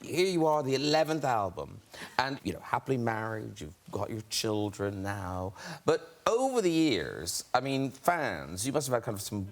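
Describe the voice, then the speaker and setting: A man's voice: mid-range voice, sing-song, moderate pace. A man hosting a talk show, chatting and prompting his guests. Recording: studio audience laughter behind.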